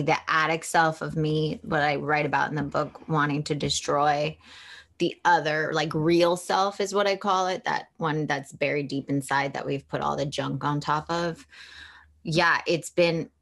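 A woman's voice: low-pitched, fairly bright tone. A woman, a guest author, telling a personal story in an open, emotional way and acting out the voices she quotes.

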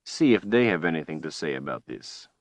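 A cruel tyrant wizard, as a man puts him on in an audiobook, drawling each taunt slowly and swinging his low voice up and down with mocking relish. The sound is close and dry, with no room around it. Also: sing-song, no room sound. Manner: slow, taunting, drawn-out delivery. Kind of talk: audiobook character voice.

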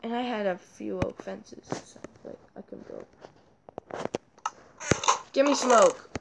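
A woman hosting a casual let's-play, rambling and excitable, chatting to the animals and repeating her sign-off. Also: mid-range voice, slow, vocal fry. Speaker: gaming channel host. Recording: audible clicking noise behind voice.

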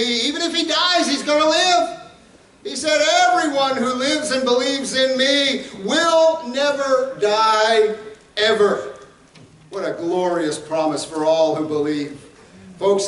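A man preaching a sermon as pastor, fervent and rising to shouts at times. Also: high-pitched, roomy sound, far from the mic, poor audio.

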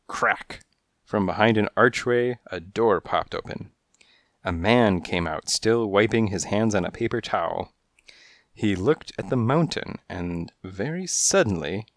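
Deep-voiced man narrating a noir storybook. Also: no echo, clean studio sound. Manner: hardboiled, measured storytelling. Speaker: audiobook narrator.

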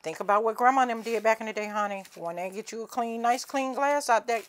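A woman's voice: fairly high pitch, fast talker. A woman with a Southern US accent, chatting folksily through a home cooking demonstration and calling viewers honey and cousin.

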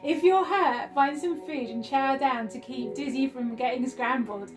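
A high-pitched woman chatters through an unboxing and a retro game, gushing and squealing with delight. Faint game music plays behind her voice. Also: unhurried. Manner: gushing, squealing, laughing often. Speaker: retro gaming vlogger. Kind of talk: excited unboxing and gameplay chat. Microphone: phone.

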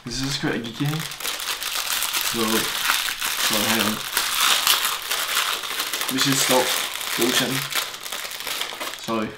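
In a loose, rambling product review, a young tech reviewer talks fast on camera, joking and wandering off on tangents. His mid-range voice stays steady, while the recording picks up room echo and a faint hiss.

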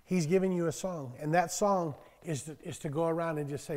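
A man's voice: on the high side, a little fast, long reverb tail. A man in his sixties preaching a conversational sermon to a small church, telling homespun stories and raising his voice for bursts of scripture. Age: 60s. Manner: folksy, storytelling, bursts of loud emphasis on scripture. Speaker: pastor.

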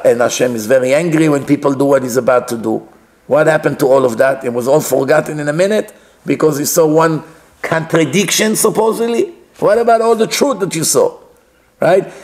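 A male rabbi giving a religious lecture in an animated way, acting out dialogues and asking rhetorical questions. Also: on the high side.

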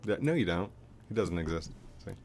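A man hosting a casual gaming chat, goofy and quick to laugh. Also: low voice, animated, a little mellow, a little hiss or hum. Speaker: channel host.

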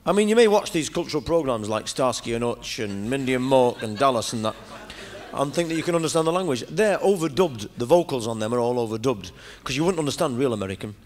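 A comedian with a Northern English accent delivers a rambling, chatty live stand-up monologue to an audience, telling stories full of asides. His mid-range voice has lively intonation and a quick pace.

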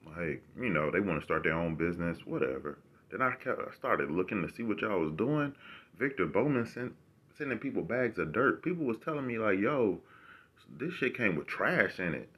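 A man's voice: deep voice, expressive, a little fast, fairly bright tone, slightly rough. A man vlogging to camera, ranting casually with rambling, profane and sarcastic remarks.

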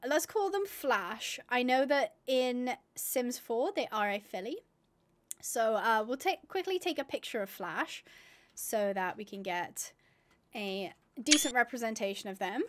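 A young woman chatting casually through gameplay as a video host, rambling with fillers and self-corrections. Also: sits high. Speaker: gaming YouTuber.

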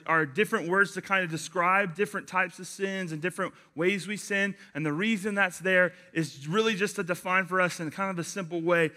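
Bright, high-voiced young male preacher. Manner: chatty, animated storytelling with fillers. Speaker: youth pastor. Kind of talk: casual youth sermon.

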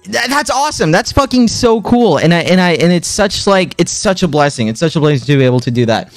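A young man in his twenties chatting casually to his stream viewers, excitable, swinging his pitch up and down and repeating himself as he retells a story. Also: a little fast, no room sound, faint music behind.

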